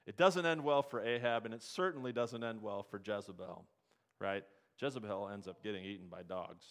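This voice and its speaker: A man preaching a sermon in a church, retelling scripture stories with lively asides and questions to his congregation. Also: fairly low pitch, moderate pace. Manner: storytelling preacher, asks the congregation questions, acts out the story's characters. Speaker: pastor.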